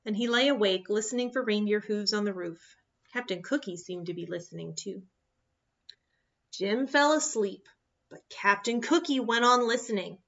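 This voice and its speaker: A woman reading a children's picture book aloud in an expressive, animated way. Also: medium pitch, moderate pace, lo-fi sound. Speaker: storyteller.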